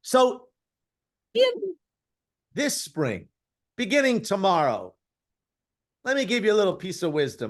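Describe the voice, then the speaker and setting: A man's voice: high-pitched, wildly swooping pitch, measured pace, long pauses. A man co-hosting a podcast, delivering a rambling, grandiose, mock-philosophical comic monologue. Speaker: podcast co-host.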